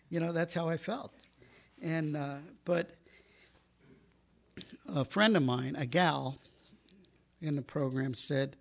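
A man shares his recovery testimony in a gravelly, slightly husky voice, pitched a little above the usual male range. He talks candidly and swears freely, circling back with fillers and restarts as he goes. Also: slow, pauses often. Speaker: recovering alcoholic sharing his story.

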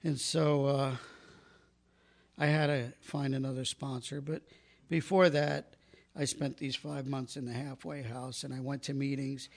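A man's voice: mid-range voice, level tone, unhurried, vocal fry. A man giving a candid, profane personal testimony about his recovery from alcoholism, with many fillers and restarts.

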